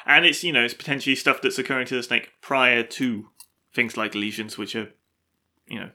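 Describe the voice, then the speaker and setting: A man's voice: mid-range voice, brisk, sharp tone. A man co-hosting a casual science podcast, describing an animal in an easygoing way with fillers. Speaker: podcast co-host.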